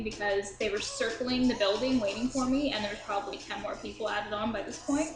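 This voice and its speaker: A woman's voice: fairly high pitch, fairly even intonation, brisk, hardly any pauses, roomy sound, music in the background, low-quality recording. A young woman casually telling a drunk story to her viewers, chatty and swearing freely, laughing at herself. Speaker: vlogger.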